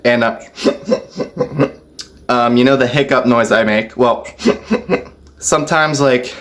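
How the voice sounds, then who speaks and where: A man vlogging a casual storytime, chatty and loose, laughing softly between phrases. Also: mid-range voice, unhurried. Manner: loose, filler-heavy talk.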